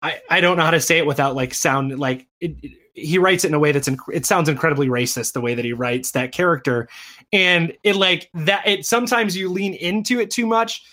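Man, casual chat, rambling, lots of restarts, slightly higher voice. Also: fairly quick, sharp tone. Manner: rambling, many restarts and fillers. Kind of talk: casual chat reviewing a comic.

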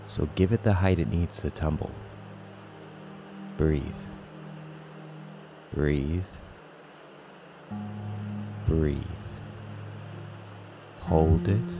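A man voicing a calm veteran sniper coaching a long shot in a dramatic comic reading, slow, low and measured. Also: noisy background.

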